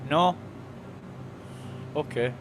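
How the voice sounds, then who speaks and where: A man's voice: on the high side, extremely slow, a bit bright, slight background noise. Rambling man streaming a game. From United Kingdom. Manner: rambling, chatty, self-amused, lots of fillers. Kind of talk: casual live-stream chat. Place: home desk.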